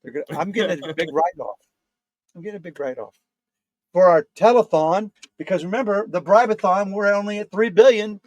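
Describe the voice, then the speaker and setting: A man's voice: high voice, brisk, no room sound. Male comedy podcast co-host, riffing casually, laughs a lot. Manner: joking, riffing, laughs often.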